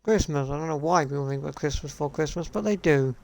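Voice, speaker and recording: A man's voice: a little high, fast talker, creaky, a little mellow. A man streaming live, ranting in a sarcastic, profane and repetitive way. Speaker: gaming streamer. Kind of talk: casual live-stream rant.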